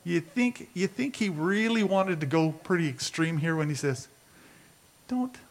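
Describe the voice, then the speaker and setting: A man's voice: on the high side, normal speed. A man preaching a sermon as a pastor, talking conversationally and asking his listeners rhetorical questions.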